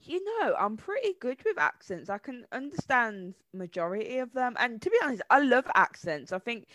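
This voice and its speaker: A woman's voice: on the high side, very animated, moderate pace, a bit bright, no room sound. Young woman, enthusiastic, emphatic, dry close sound. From Birmingham, England. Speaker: guest, presenter. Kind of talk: casual interview chat.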